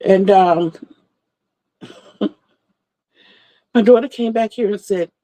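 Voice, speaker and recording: This livestream host, a middle-aged woman, wanders through stories as she says hello to her viewers in casual chat. She speaks slowly in a medium-pitched, dark-toned voice, and the audio is poor.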